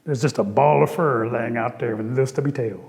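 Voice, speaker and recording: A man from the Cherokee Nation telling a traditional story in an animated, rhythmic, playful way. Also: medium pitch, quick pace, gravelly. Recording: long reverb.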